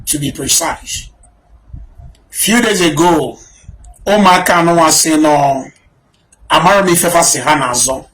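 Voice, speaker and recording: A man's voice: on the high side, slight background noise, poor audio. A man with a Nigerian accent addressing the camera, earnest, mixing Igbo and English. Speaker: community spokesman making a video appeal.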